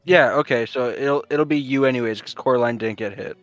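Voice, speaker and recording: A man's voice: medium pitch, brisk, no echo, faint music behind. A man playing a tabletop game, talking in a hesitant, self-deprecating way. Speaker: player.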